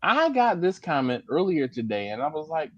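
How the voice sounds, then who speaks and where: Animated bearded man chatting on a livestream. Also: moderate pace, dry recording, muffled recording. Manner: animated, laughs often, jumps into high put-on voices. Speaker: livestream host. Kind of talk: casual live-stream chat.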